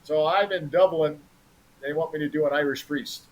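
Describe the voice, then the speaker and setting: A man with a somewhat high voice chats easily as an interview guest. He tells stories about his stage work in a relaxed, self-deprecating way. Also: normal speed, highs cut off, a little hiss or hum. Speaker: improv performer, guest. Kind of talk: casual interview chat.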